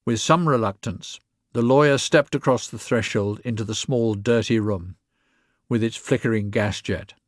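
A man reading a story aloud in a measured, even narration. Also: mid-range voice, no echo, clean studio sound. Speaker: reader.

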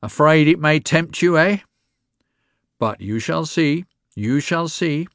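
A man's voice: on the high side, expressive, slow pace, a bit bright, dry recording, clean studio sound, voice pushed up, full character voice. Man doing a wheezy, cunning old crone. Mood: leering. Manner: leering, wheedling. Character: wheezy, cunning, greedy middle-aged woman, bent.

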